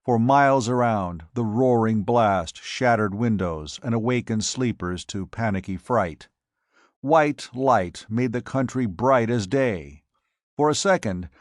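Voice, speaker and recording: A man narrating a science fiction audiobook in a measured, dramatic storytelling manner. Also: lowish voice, dry recording, studio quality.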